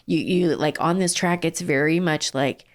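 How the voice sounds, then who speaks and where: Guest spot: low-pitched, earnest middle-aged businesswoman, casual and a bit rambling. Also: moderate pace. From southern California. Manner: earnest, with frequent fillers and restarts. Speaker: ice cream company founder and CEO, guest. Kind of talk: casual interview.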